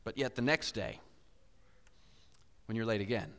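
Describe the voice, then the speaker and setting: Animated preacher man in a reverberant hall. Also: lowish voice, unhurried, smooth. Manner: animated, acts out inner voices with big swings. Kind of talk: sermon with storytelling.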